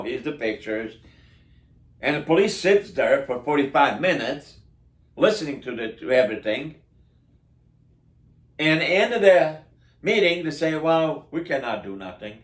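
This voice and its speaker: A man's voice: fairly high pitch, echoey room. A man speaking as a local resident, venting indignantly in a rambling, casual monologue full of restarts and broken grammar. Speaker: local resident complaining about city officials. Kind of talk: casual spoken complaint monologue.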